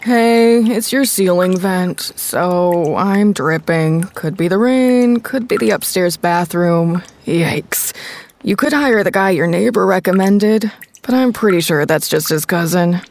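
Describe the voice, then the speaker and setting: A woman's voice: fairly low pitch, unhurried, a little mellow. A woman voicing a chatty, wry talking ceiling vent in a radio ad. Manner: wry, conversational ad read.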